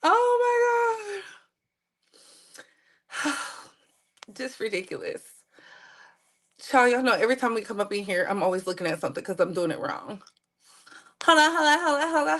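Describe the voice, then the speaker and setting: A woman's voice: high voice, a bit bright. A woman hosting a casual live stream, chatting playfully with viewers and repeating her phrases. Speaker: livestream host.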